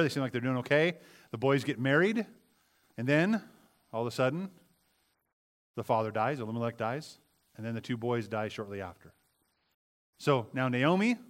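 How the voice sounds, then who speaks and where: A man's voice: medium pitch, fairly bright tone. A man preaching a sermon in a conversational way, often repeating words and asking his listeners questions.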